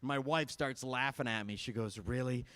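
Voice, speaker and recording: A man's voice: medium pitch, normal speed, a bit bright, clean tone, dry recording. A man in his thirties from Michigan doing a stand-up comedy set, self-deprecating and chatty with the audience. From Michigan, USA. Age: 30s. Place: live event stage at a school fundraiser.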